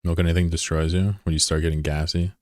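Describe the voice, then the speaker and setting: A deep-voiced man chatting loosely with his viewers while he plays, wandering from thought to thought with lots of "like" and the odd curse. The sound is close and dry, with no room around it. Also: flat delivery, quick pace, a little mellow, no echo. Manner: rambling, curious, filler-heavy and profane. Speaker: game streamer. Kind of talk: casual chat with viewers while gaming.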